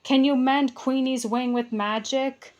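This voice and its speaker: A woman's voice: high voice, fairly even intonation, unhurried, a little mellow. A woman reading as a curious young girl. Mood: earnest.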